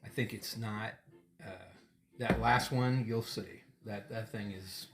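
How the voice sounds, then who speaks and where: A middle-aged man with a somewhat low voice chats casually as a podcast host, rambling from one thought to the next and laughing often. His voice rings in an echoey room. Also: steady tone, takes it slowly, vocal fry, background noise. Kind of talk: casual chat over a tequila tasting.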